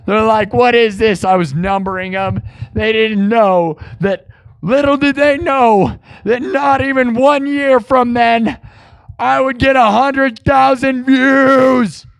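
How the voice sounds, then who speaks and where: A man's voice: very high-pitched, fairly even intonation, slow pace, gravelly. A man from Iowa hosting a livestream, chatting in a rambling, playful, self-mocking way. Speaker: livestream music host. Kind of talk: casual livestream chat.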